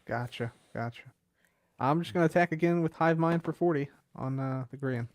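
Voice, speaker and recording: A man's voice: fairly high pitch, normal speed, no echo. Man, casual game chat, easygoing, short replies, mock groans. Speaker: opponent in the card game.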